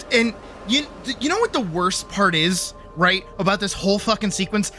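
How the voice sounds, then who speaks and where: A man streaming a game live, ranting and swearing loudly at a puzzle and breaking into laughter. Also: high voice. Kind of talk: live gameplay commentary.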